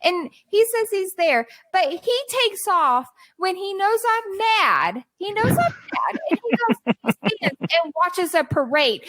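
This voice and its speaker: Woman, podcast guest, casual storytelling, exasperated, lively swooping voice. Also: extremely high pitch, a little slow, no echo. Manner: animated, exasperated storytelling with quoted dialogue.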